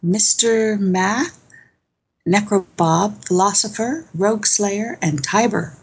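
Husky, slow-talking woman. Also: mid-range voice. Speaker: podcast co-host. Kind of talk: casual podcast chat.

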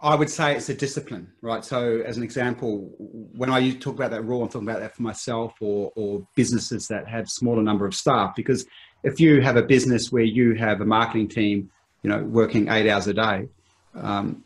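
A middle-aged man in a relaxed business conversation, laying out his rules of thumb on time and marketing. He often restarts mid-sentence and sometimes laughs at himself. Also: fairly low pitch. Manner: quick, laughing, self-interrupting explanations. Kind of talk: casual business chat.

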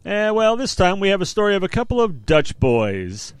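Older man, radio co-host, rambling jokey chat, somewhat high pitch, dry studio sound. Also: big pitch swings, moderate pace, smooth, dry recording. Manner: rambling, jokey, self-deprecating. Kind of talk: casual on-air music chat.

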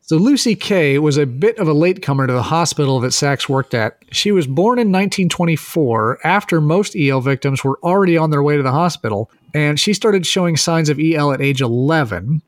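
A man with a fairly high voice narrates a story for his co-hosts in a relaxed, chatty way. He hedges and fills his sentences with "like" as he goes. The sound is close and dry, with no room around it. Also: brisk, few pauses, no echo. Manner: casual, hedging, with frequent "like". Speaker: podcast host telling the story. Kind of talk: casual storytelling chat.

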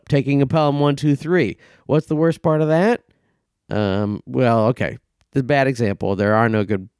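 Rambling, animated male podcast host. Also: on the low side, smooth, dry recording, studio quality. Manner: rambling, full of ums, profane outbursts. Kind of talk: casual comedic movie review.

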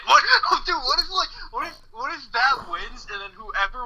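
A man co-hosting a movie podcast remotely, excitable and joking, often interrupting. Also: extremely high pitch, moderate pace, low-quality recording. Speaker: podcast co-host. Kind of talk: casual ranting chat. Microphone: remote recording setup.

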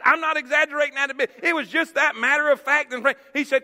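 Male pastor, high-pitched and bright, emphatic storytelling sermon with a long church reverb. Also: steady tone, fast, hardly any pauses. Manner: storytelling, emphatic, repeats words. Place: church sanctuary.

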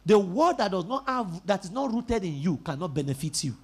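A pastor preaching a sermon in an emphatic style, repeating key words and rising into shouts. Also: male voice, high-pitched, sing-song, a little fast, slightly rough.

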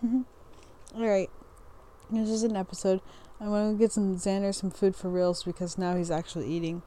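A woman's voice: medium pitch, dark tone. A young woman hosting a podcast, reading astrology descriptions aloud in a loose, casual way, stumbling over words, restarting lines and laughing at herself. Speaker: podcast host.

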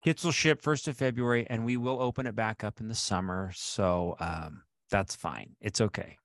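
A man's voice: on the low side, moderate pace, no room sound, clean studio sound. A man hosting a casual podcast, upbeat and rambling with fillers. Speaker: podcast host.

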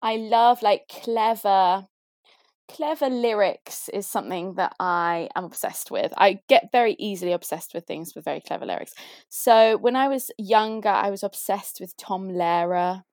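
A young woman from the south of England with a posh accent, chatting casually and cheerfully about her favourite songs, lively and quick to laugh. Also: mid-range voice, no echo. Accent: posh southern English. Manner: chirpy, lively, laughs often. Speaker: guest sharing favourite songs. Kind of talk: casual chat.

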